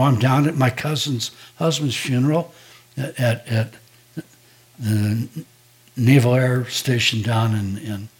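An older man, a pastor, preaching a sermon in a conversational, storytelling way, acting out quoted dialogue. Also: mid-range voice.

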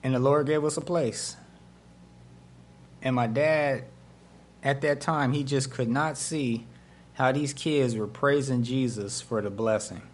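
A male pastor with a mid-range voice preaches unhurriedly, taking long pauses, over slight background noise. He tells stories in an animated way, acting out the voices within them.

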